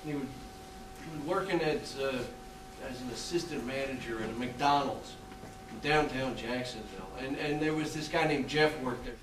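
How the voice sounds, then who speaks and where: Man delivering a halting stage monologue. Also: medium pitch, noisy background. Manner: halting, confessional storytelling. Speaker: stage actor playing a death row inmate. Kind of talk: theatrical monologue. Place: small theatre stage. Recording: roomy theatre sound from a distant mic.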